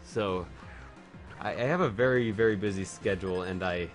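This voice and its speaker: A man streaming a game while a bit drunk, chatting in a silly, rambling way and jumping into high joking voices. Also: moderate pace, faint music behind. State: tipsy. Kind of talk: casual livestream chat.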